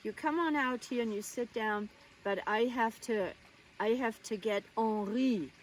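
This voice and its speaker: Lady doing a kind butler guy, gentle coaxing, slow, mic a bit far. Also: on the high side, natural voice. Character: friendly male butler, kindly and coaxing. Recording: distant mic, faint ambient noise.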